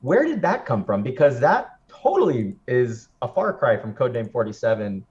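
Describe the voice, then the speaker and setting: A male interviewer of middle pitch asks eager, lively questions, his pitch rising and falling a lot. The audio is dull and lo-fi, as if it comes through a weaker mic. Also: normal speed.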